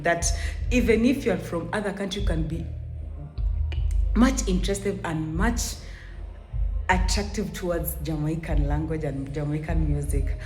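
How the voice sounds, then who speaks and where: A woman with a low, mellow voice hosts a reaction video and comments earnestly, repeating her praise. The room is echoey, with faint music playing behind her.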